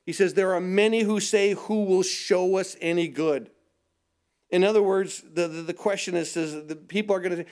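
A man preaching a sermon, emphatic, often asking rhetorical questions and answering them himself, with frequent repeated words as he starts sentences. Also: high voice.

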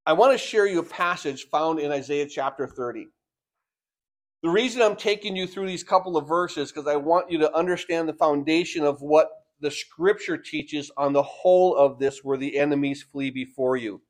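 In a sermon, a man with a somewhat high voice swings between forceful loud lines and gentle, drawn-out phrases, often repeating words as his points build.

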